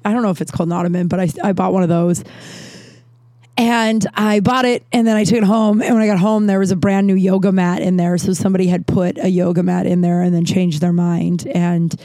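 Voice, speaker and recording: Thirties woman with a warm, mellow tone, chatty monologue host who rambles, self-corrects and curses, recorded dry and close. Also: on the low side, steady tone, brisk, dry recording. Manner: rambling, swears freely, frequent restarts and self-corrections. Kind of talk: casual storytelling monologue.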